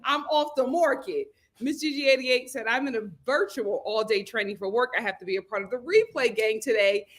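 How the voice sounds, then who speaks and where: High, bright-voiced woman hosting a livestream. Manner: chatty and animated, laughs often. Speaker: livestream host. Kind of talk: casual livestream chat, reading viewer comments aloud.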